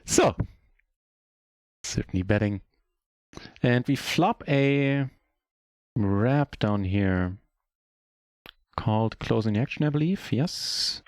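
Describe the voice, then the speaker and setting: A German man whose first language is German, chatting casually in a relaxed, self-deprecating way while commentating his own poker game on a live stream. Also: mid-range voice, takes it slowly, long pauses, no echo, clean studio sound.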